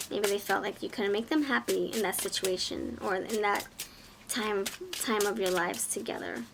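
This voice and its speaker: A woman's voice: mid-range voice, creaky, background noise. A woman giving a pick-a-card tarot reading, talking in an effusive, exclaiming way and often repeating her words. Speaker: tarot reader.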